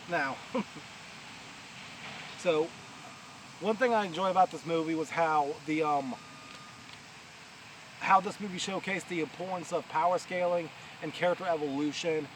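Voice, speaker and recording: A man with a New York accent giving a casual, rambling spoken review outdoors, with many fillers and restarts, talking over distant heavy machinery. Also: a little high. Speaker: vlogger. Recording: outdoor recording with loud machinery noise. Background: distant heavy machinery and traffic.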